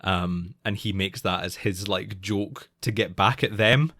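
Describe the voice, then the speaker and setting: A man's voice: low-pitched, unhurried, bright, forceful tone, no echo, studio quality. Laughing, rambling male podcast host. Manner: rambling, laughs often, many restarts. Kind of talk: casual chat.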